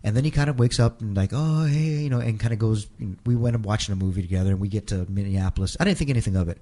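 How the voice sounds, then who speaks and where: Low dark-voiced guy rambling through a story in an interview, keeps restarting. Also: very fast. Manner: rambling, repeats and restarts, quotes others in his own voice. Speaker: interview guest.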